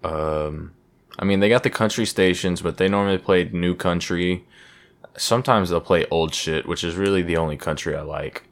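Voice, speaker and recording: A man's voice: deep voice, moderate pace. A young man hosting a podcast, rambling casually with lots of swearing and self-deprecating asides. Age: young adult. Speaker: podcast host. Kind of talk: casual solo podcast chat.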